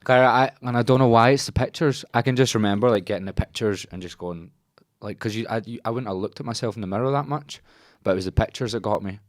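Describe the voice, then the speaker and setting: A man's voice: mid-range voice, fast talker, no room sound, studio quality. A man hosting a casual podcast chat, a coach who swears freely and laughs often as he talks.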